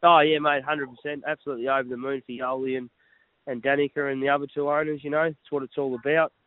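A man's voice: medium pitch, flat delivery, quick pace, no room sound. Man on a tinny phone line. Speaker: racehorse trainer guest. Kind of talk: casual phone chat.

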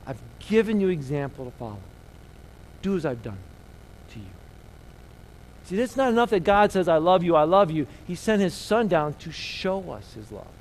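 A middle-aged man preaching a sermon as pastor, swinging between loud emphasis and soft, hushed lines. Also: high-pitched, very animated, moderate pace, long pauses, low-quality recording.

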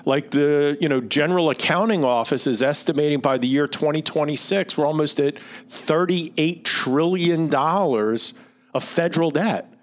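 A man's voice: on the high side, normal speed. A middle-aged man with a Philadelphia accent hosts a finance podcast. He talks in a loose, explanatory way, reading out figures and tossing in rhetorical questions. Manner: explanatory, reads out figures, asks rhetorical "right?". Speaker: financial advisor podcast host. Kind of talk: conversational podcast talk.

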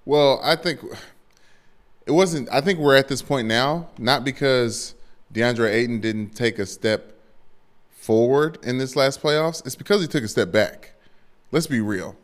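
A man in the middle of the male pitch range co-hosts a sports podcast in casual talk. He banters in a playful, teasing way and stumbles over his words when he argues back. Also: measured pace.

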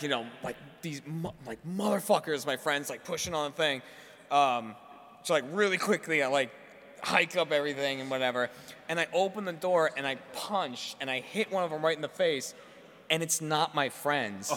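A man co-hosting a podcast, telling a story in animated, laughing casual chat. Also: on the high side, big-room sound. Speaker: podcast co-host.

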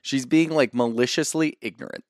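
A man of average pitch co-hosting a casual recap podcast, joking and mulling things over in an easy, conversational way. His voice is recorded on a close mic in a dry room. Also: normal speed, dry recording. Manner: joking, conversational, mildly puzzled. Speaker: podcast co-host.

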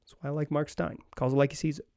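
A man's voice: fairly high pitch, flat delivery, very fast, vocal fry, darkish tone, no room sound. Rambling sports podcast man. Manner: rambling, many restarts and fillers. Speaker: podcast host. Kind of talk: casual sports podcast talk.

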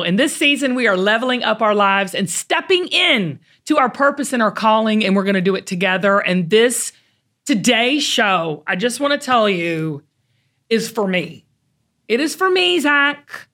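A woman from the American South with a Southern accent, hosting a podcast in an animated, folksy, chatty way. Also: fairly high pitch. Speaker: podcast host. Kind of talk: casual chat.

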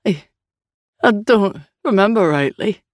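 A woman narrator voicing a burly young male busboy, worn out, his voice high and shaking with sobs. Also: animated, slow, no room sound, clean studio sound. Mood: confused.

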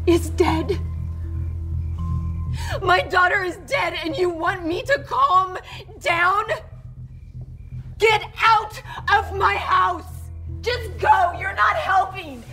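An actress playing a grieving mother who is seething and shouting with anger, in a film scene with a music score. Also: extremely high pitch, heavily acted. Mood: furious. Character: grieving furious mother, vengeful and drunk.

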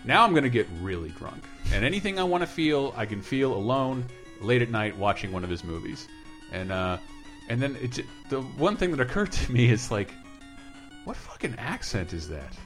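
A man co-hosting a podcast, chatting casually in a rambling, animated way and swearing now and then. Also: mid-range voice, a little fast, faint music behind. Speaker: podcast co-host.

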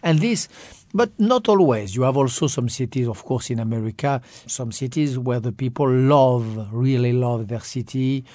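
A man in his fifties with a strong French accent, talking as an author in an interview, expressive and repeating phrases for emphasis. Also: medium pitch, moderate pace, few pauses, dry recording, clean studio sound. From France. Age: 50s. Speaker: author and guest. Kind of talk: interview conversation.

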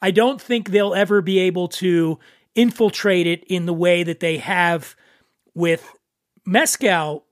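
A man's voice: high-pitched, fairly even intonation, a little slow, dry recording. Chatty Philadelphia man, dry close sound. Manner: chatty, joking, many restarts. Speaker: podcast host. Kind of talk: casual whiskey tasting chat.

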